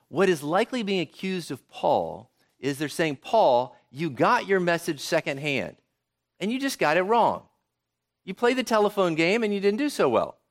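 A male pastor gives a sermon in a conversational style, frequently posing rhetorical questions to his listeners. His voice is fairly high for a man and ranges widely in pitch as he explains.

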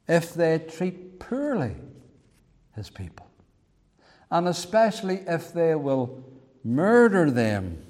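A man preaching a sermon with fervent emphasis, his voice rising to loud, emphatic peaks. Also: fairly high pitch, in a large hall.

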